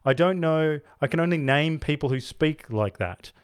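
A man's voice: fairly high pitch, animated, normal speed, clean tone. A man co-hosting a film podcast, rambling casually with frequent restarts and laughs. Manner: rambling, self-interrupting, laughs often. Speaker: podcast co-host. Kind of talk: casual film review chat.

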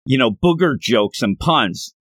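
A man doing a grumpy, impatient pig, rapid and raised. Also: medium pitch, expressive, fairly bright tone, no room sound, clean studio sound. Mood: irritated. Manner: irritated, urging, rapid.

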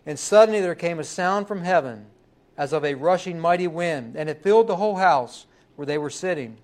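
Male pastor, slightly higher voice, emphatic sermon delivery in church. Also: lively intonation, a little mellow. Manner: emphatic preaching, rising and slowing on key words.

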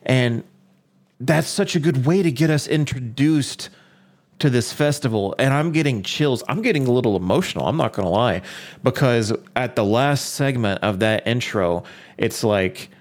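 A young man in casual gaming talk, getting excited and swearing freely, his voice leaping up when worked up. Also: lowish voice. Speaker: podcast co-host.

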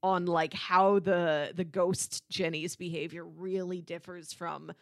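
A woman chatting casually as a podcast co-host. She talks in a relaxed, thoughtful way and chuckles often, with a dry, close sound and no room around her. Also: on the low side, takes it slowly, gravelly, dry recording. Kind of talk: casual chat reviewing a show.

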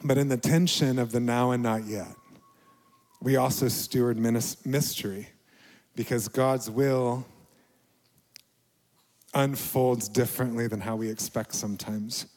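Middle-aged guy pastor preaching slow, reflective, drops real quiet sometimes. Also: mid-range voice, fairly even intonation, long reverb tail. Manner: reflective, confessional, slow with soft dips. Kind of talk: sermon.

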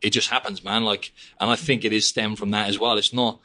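A man's voice: lowish voice, little pitch movement, fairly quick, pushed and bright. A young man hosting a podcast in casual, rambling chat, peppering his talk with "mate" and "like". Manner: chatty, rambling, drops "mate" and "like" constantly. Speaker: podcast host.

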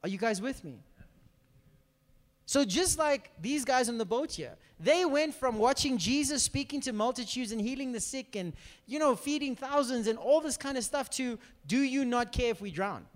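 A man's voice: extremely high pitch, lively intonation, moderate pace. A man preaching a sermon in a hall, animatedly acting out dialogue and asking the room questions. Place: church hall. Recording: long hall reverb.

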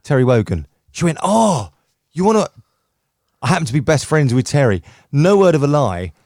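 Guesting on a podcast, this middle-aged British radio presenter chats casually and enthusiastically, restarting his stories often. His mid-range voice is sing-song and darkish, and he talks briskly. It's a dry, clean studio recording.

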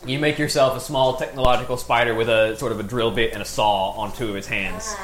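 A man running a tabletop game, describing what happens and explaining the rules at a relaxed pace. His mid-pitched voice sounds a bit echoey in the room. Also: a little fast. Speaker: game master.

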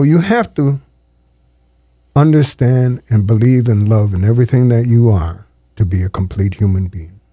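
A man in his seventies, a storyteller, talking in an interview in an earnest, halting way with frequent restarts, in a studio. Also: fairly low pitch, mellow, no room sound. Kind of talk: reflective interview talk.

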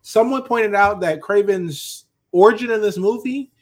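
Casting: high-pitched male co-host, laid-back and rambling. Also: moderate pace. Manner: rambling, many fillers and restarts, laid-back. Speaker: podcast co-host. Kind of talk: casual podcast chat.

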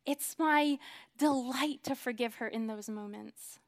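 Her voice fairly high and her delivery a little slow, a woman in her thirties preaches sincerely. She drops to near-whispers, then surges into emphatic peaks.

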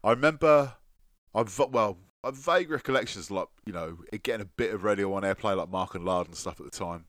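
A man with a lowish voice co-hosts a music podcast, recorded close and dry. He talks in a chatty, halting way, restarting phrases and swearing casually. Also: fairly bright tone, no echo. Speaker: podcast co-host.

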